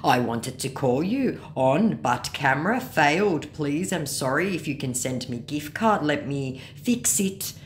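A woman voicing a pushy male online scammer who pleads in halting, broken English. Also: low voice, expressive. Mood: pleading.

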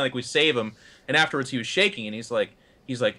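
A man, an esports caster, telling an anecdote on a panel show as a lively storyteller who restarts his sentences often. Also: mid-range voice, fast talker.

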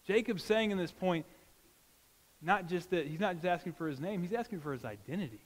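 Pastor guy giving a sermon, fairly high voice, earnest and chatty, long church-hall echo. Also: expressive, a little fast. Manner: earnest, conversational preaching. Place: church sanctuary.

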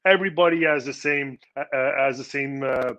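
A former pro hockey player, a guest on a podcast, speaking earnestly with many halting restarts. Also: male voice, medium pitch, fairly bright tone, lo-fi sound. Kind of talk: podcast interview.

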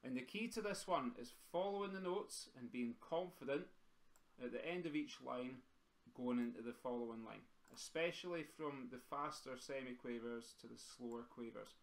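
A man's voice: medium pitch, moderate pace. A man teaching a live drumming lesson over a video call, chatty and encouraging as he counts in and explains the exercises. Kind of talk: live-streamed music lesson. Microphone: computer mic on a video call. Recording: roomy echo with faint drumming.

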